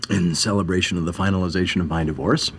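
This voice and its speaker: An actor playing a gloomy, deadpan office man. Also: low voice, fast talker, slight background noise.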